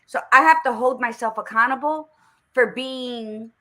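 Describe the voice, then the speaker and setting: Blunt, bright-voiced woman podcast host. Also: fairly high pitch, measured pace. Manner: blunt, swears freely, animated storytelling. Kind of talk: casual conversation.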